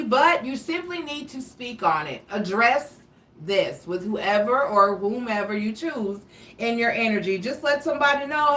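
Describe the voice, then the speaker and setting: A woman's voice: a little high, expressive, moderate pace, bright, forceful tone, slight background noise. A woman giving a casual tarot and astrology reading, chatty and blunt, drifting into asides and swearing. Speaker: tarot reader. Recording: roomy, somewhat distant mic with faint ambience.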